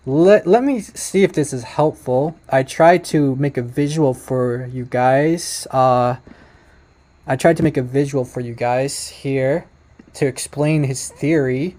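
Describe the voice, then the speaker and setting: Mellow man doing reaction commentary. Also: medium pitch, slow. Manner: emphatic when correcting claims. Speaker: reaction video host. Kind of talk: casual commentary on a video.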